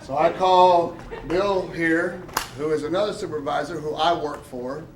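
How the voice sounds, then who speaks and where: A man telling his story at a press event, excited and laughing, acting out the voices of the people he quotes. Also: on the high side, measured pace, recorded from a distance, noisy background. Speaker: lottery winner at a check presentation. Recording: echoey room.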